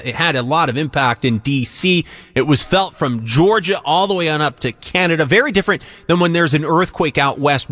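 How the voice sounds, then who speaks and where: New radio anchor, male, steady studio read with the odd "uh". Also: fairly high pitch. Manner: measured delivery with frequent uh fillers. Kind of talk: live news anchoring.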